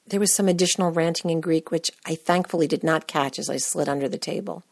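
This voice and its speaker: A woman's voice: sits low, fast, vocal fry, hardly any pauses, no echo, studio quality. A woman from the United States hosting a podcast, reading a scripted personal story with wry, self-deprecating humor. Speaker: podcast host.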